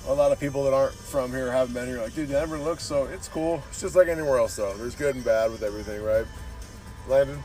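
A podcast host with a mid-range, dark-toned voice talks fast in a casual, rambling, laid-back way, swearing often and calling everyone "dude" constantly. Faint music plays behind him.

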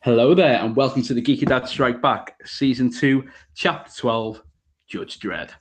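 A man's voice: medium pitch, normal speed, soft background music. A man hosting a podcast, chatting casually with a bantering, playfully exasperated manner. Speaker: podcast host. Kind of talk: casual chat.

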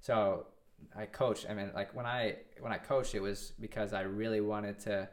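A man in his twenties, the guest in a casual interview, tells a long story in a fairly low voice with fairly even intonation at normal speed. He rambles, restarts often and quotes dialogue.

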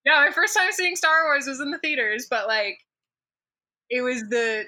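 A high-pitched woman with a very bright, sharp voice chats loosely as a podcast co-host. She scatters "like" through her sentences and swears offhandedly. The tone stays casual and conversational. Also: expressive, moderate pace. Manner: chatty, swears casually, frequent "like" fillers. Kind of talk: casual chat.

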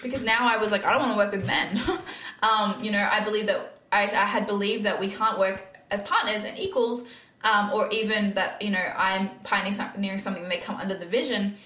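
A woman's voice: medium pitch, steady tone, normal speed, a bit bright, echoey room. A young adult woman hosting a faith podcast, speaking earnestly and candidly, laughing often and acting out her own past thoughts. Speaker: podcast host. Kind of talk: faith-based podcast monologue.

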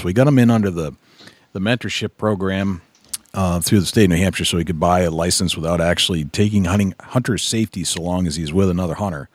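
Man, podcast host, very low voice, relaxed, affirming, dry close mic. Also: dry recording. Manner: relaxed, affirming, stumbles over words. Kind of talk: casual conversation.

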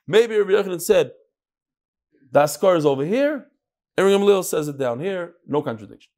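High-voiced guy teaching gemara, really lively, fires off questions, aramaic and hebrew terms all through the english. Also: brisk. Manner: animated, leaps between loud questions and low asides. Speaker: Talmud teacher. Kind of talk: daily Talmud class.

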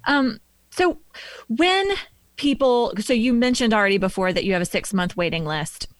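A woman's voice: mid-range voice, normal speed, no room sound. A woman hosting an interview, thoughtful and searching for words as she asks questions. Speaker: interview host. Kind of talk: interview conversation.

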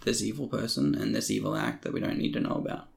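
Gravelly, teasing male podcast host. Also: on the low side, steady tone, fast. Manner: teasing, dry jokes. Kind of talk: casual movie review chat.

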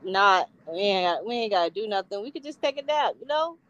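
A woman trading blunt, profane remarks in a relaxed podcast chat, with nothing held back. Her voice sits at an ordinary middle pitch. It is recorded close and dry, with no room sound. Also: a little fast, no room sound, lo-fi sound. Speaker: podcast co-host.

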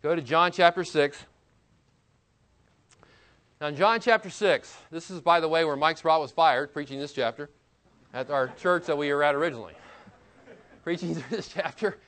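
A man's voice: a little high, moderate pace, pauses often, a bit bright. Man preaching a sermon. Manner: expository preaching, reads scripture aloud and comments; conversational asides, chuckles. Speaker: pastor.

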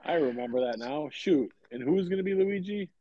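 A man co-hosting a podcast, easygoing and quick to laugh and react. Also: on the high side, animated, no echo, dull audio. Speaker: podcast co-host. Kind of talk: casual podcast banter.

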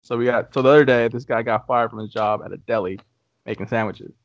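A man's voice: mid-range voice, steady tone, quick pace, no room sound. Man telling dirty jokes, dry and dull-toned. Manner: laughs through his own punchlines. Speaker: podcast host. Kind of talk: casual podcast chat, telling jokes.

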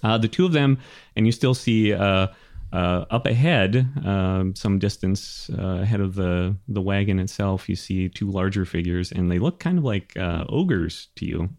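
A man narrating as game master of a tabletop game, halting and full of fillers. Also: deep voice, a little mellow, no room sound, studio quality.

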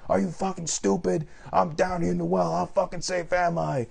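A man's voice: sits high, flat delivery, moderate pace, creaky, darkish tone, a little hiss or hum, voice pushed up. A man voicing a terrified young woman trapped in a pit, shrieking and cursing at her rescuer. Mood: furious, panicked.

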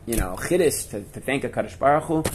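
A young man and Torah teacher telling a personal story with lively energy, repeating himself and dropping Hebrew and Yiddish terms. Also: medium pitch, fast, a little hiss or hum. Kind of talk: storytelling talk.

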